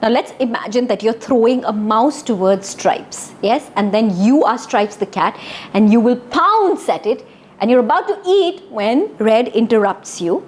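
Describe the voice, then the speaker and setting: A woman telling a story to children and coaching them to act it out, encouraging and animated. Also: a little high, a little hiss or hum. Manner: encouraging, animated, gives instructions. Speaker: storyteller and drama leader for children. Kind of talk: interactive story enactment for kids.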